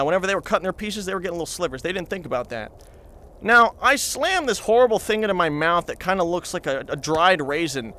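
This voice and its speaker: A high-pitched man spins a long comic anecdote in character as a reporter. He meanders and chats straight to his viewers, full of asides and fillers. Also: a bit bright. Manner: chatty, meandering, addresses viewers. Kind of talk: comedic rambling anecdote.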